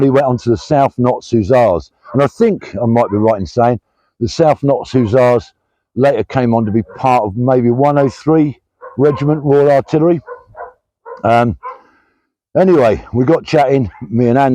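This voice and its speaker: An older British army veteran chatting casually on his vlog while out walking, reading out supporters' names with plenty of pauses and restarts. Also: medium pitch, mellow, dry recording, rough recording. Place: walking outdoors, pulled over at the roadside.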